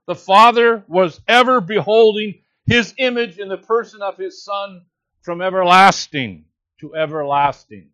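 Slow, high-voiced preacher. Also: male voice, fairly bright tone, dry recording, lo-fi sound. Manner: earnest, measured teaching with emphatic quotes. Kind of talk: sermon.

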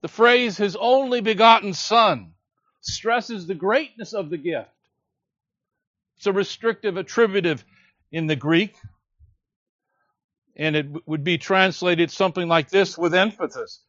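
A man preaching a sermon, earnest and measured, teaching a scripture passage with emphatic quotes. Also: sits high, a bit bright, dry recording, dull audio.

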